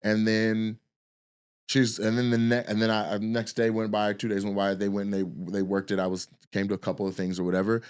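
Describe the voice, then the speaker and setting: A man's voice: on the low side, completely flat delivery, fairly quick, smooth. A man in his forties, a comedian and podcast host, telling a long, loose and profane story in a casual way. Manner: profane, loose and rambling, acts out the people he quotes.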